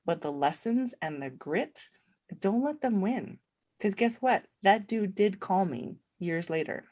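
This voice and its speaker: A woman's voice: medium pitch, lively intonation, a little slow, darkish tone. A middle-aged woman, a podcast guest, telling her story in casual conversation, acting out quoted dialogue and laughing often.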